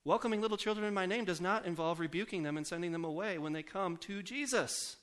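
A man preaching a sermon in a conversational way, asking the congregation questions and slowing down to softly repeat scripture. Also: high-pitched. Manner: slows down and softens for scripture quotes.

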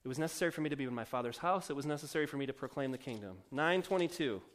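A man's voice: medium pitch, lively intonation, racing. A male pastor preaching a sermon in a chatty, joking, self-mocking way with fillers.

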